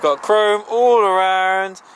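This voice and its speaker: A man's voice: sits high, fairly even intonation, takes it slowly, a little hiss or hum. A man behind the camera, showing his car in casual banter with jokey, goofy repetition. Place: outdoors beside parked cars.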